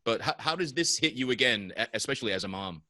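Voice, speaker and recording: A man's voice: medium pitch, expressive, quick pace, bright, forceful tone, no room sound. A man hosting a podcast in a casual discussion, conversational and thoughtful, stammering into his questions. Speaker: podcast host.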